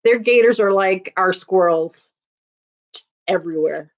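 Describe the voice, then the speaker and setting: A woman's voice: medium pitch, unhurried. A woman in her thirties hosting a casual livestream, chatting with viewers and laughing often. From Chicago area, USA. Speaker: livestream host. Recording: dull lo-fi home stream audio.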